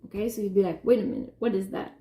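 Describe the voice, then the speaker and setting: A woman's voice: mid-range voice, steady tone, fast, dark tone, roomy sound. A woman giving an unscripted personal monologue about her artwork and her feelings, rambling and emotional, with many restarts. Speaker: artist talking about her work.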